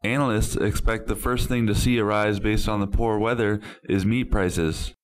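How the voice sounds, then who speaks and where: A man reporting scripted news stories with a plain, steady delivery. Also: fairly low pitch, normal speed, poor audio.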